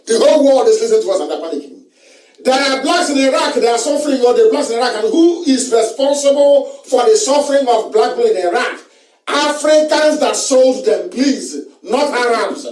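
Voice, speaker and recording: A man's voice: extremely high pitch, expressive, a little fast, darkish tone. A man with a Nigerian accent giving a live broadcast monologue, repeating his phrases emphatically and chuckling between lines. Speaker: political broadcaster. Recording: roomy sound, mic from a distance.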